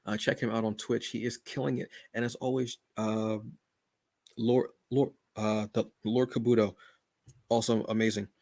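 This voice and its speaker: A man's voice: on the low side, flat delivery, moderate pace, darkish tone, no room sound. A man hosting his own livestream, chatting casually in a rambling, self-deprecating way. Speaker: channel host.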